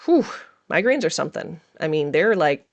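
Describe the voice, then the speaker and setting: A woman's voice: low voice, sing-song, moderate pace, highs cut off. A middle-aged woman hosting a podcast, talking candidly and emotionally about her day in a casual monologue, laughing often. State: emotional, feeling raw. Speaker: podcast host.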